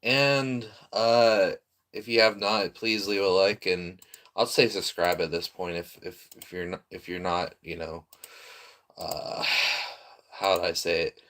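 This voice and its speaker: A man's voice: low-pitched, fairly even intonation, slow, fairly bright tone. A man streaming a casual reaction, rambling through restarts and often breaking into laughter.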